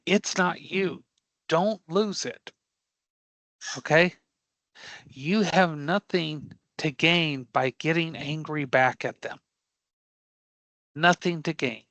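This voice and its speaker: A man's voice: fairly high pitch, slow, long pauses, a bit bright, no echo, rough recording. A man teaching a live online career prep class, speaking emphatically and bluntly, often stopping to ask the class if they follow. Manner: emphatic, checks in with frequent rhetorical questions; blunt and dismissive of angry customers.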